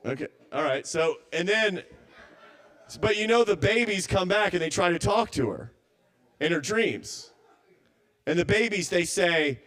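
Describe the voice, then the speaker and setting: A man with a slightly high, somewhat bright voice does a stand-up set at a small open mic. He is animated but a little slow, pausing often, and he rambles, stammers and restarts while second-guessing his jokes.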